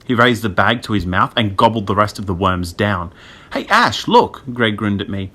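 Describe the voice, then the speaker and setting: Bright, low-voiced male storyteller. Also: fairly quick. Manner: lively storytelling. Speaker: audiobook reader. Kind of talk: scripted narration.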